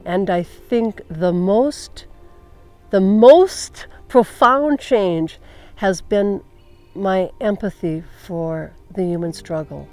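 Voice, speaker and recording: A woman's voice: medium pitch, slow, dark tone, faint music behind. An older woman reflecting in a documentary interview, thoughtful and searching for her words. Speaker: long-distance horseback rider.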